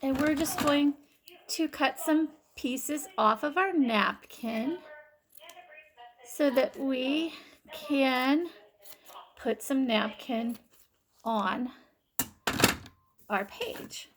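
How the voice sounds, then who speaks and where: A woman with a high voice gives a kindergarten phonics lesson. She talks slowly and patiently, sounding out each letter and syllable so young children can follow along. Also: background noise. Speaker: kindergarten teacher.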